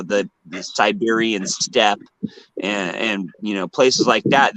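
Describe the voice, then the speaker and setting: A man's voice: fairly low pitch, a bit bright, no echo, low-quality recording. Earnest man ranting in casual chat. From United States. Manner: earnest, ranting, hesitant fillers.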